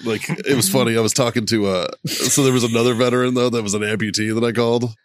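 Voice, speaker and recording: A man's voice: mid-range voice, fairly even intonation, fast talker, no echo. A man co-hosting a podcast, telling profane stories in casual chat and acting out both sides of phone calls. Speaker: podcast co-host.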